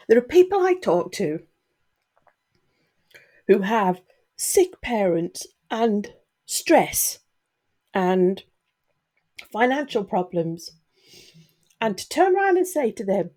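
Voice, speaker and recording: A middle-aged woman with a mid-range, slightly mellow voice speaks slowly, very animated, with long pauses. Talking candidly to camera as a YouTuber, she's earnest with her viewers, getting emotional and a little sniffly.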